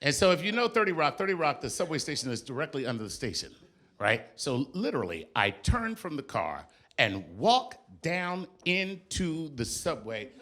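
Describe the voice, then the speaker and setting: A man doing a stand-up comedy set on stage, telling a story in an animated, profane, exasperated way. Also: a little high, normal speed. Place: on stage before a live audience.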